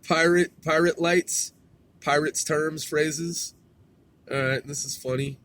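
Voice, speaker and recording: Laid-back profane man, bright voice. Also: fairly high pitch, steady tone, slow pace. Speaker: podcast host. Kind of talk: casual rambling monologue.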